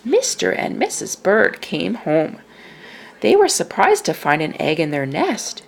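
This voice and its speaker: A woman reading a children's picture book aloud in a slow, expressive way. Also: low-pitched, creaky. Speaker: storyteller.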